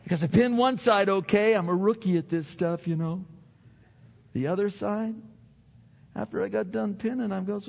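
A man's voice: sits high, normal speed, creaky, a little mellow, a little hiss or hum. An older man preaching a sermon as pastor, chatty and self-deprecating, often repeating his words. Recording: dull sound with long hall reverb.

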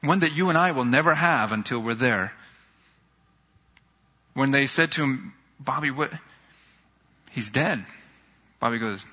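A man on a church's staff preaching a sermon, telling stories earnestly and slowing down when he reads scripture. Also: breathy edge. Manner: earnest, storytelling, rises in pitch when excited, slows for scripture. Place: church sanctuary. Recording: dull sound in a reverberant hall.

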